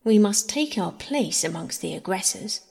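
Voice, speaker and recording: A woman reading the lines of a calm, scheming gentleman in a dry, measured manner. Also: mid-range voice, full character voice. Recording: husky voice in long reverb.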